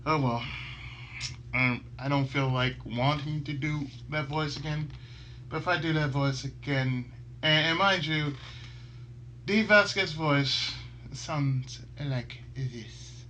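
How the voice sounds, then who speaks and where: A man's voice: fairly high pitch, steady tone, a little slow, pauses often, pushed and bright, slight background noise. A man hosting a gaming channel, chatting casually and rambling, laughing a lot as he goes. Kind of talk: casual chat.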